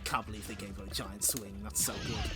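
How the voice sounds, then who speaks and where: A man's voice: on the low side, little pitch movement, fairly quick. A man streaming a fighting game, joking wryly and giggling as he plays. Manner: giggly, wry. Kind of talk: casual gaming commentary. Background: game music.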